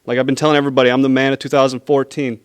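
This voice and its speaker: Smooth-voiced male wrestler. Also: mid-range voice, flat delivery, racing. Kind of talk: wrestling promo.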